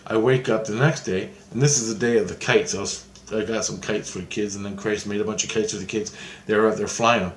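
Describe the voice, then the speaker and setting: A man's voice: lowish voice, steady tone, fast, echoey room, a little hiss or hum, poor audio. A man giving a rambling first-person account of a spiritual vision, restarting and repeating his phrases as he goes.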